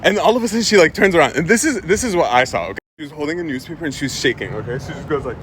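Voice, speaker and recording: A young man telling a casual story with animated delivery, laughing often and mimicking people. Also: on the high side, racing, few pauses, a little hiss or hum.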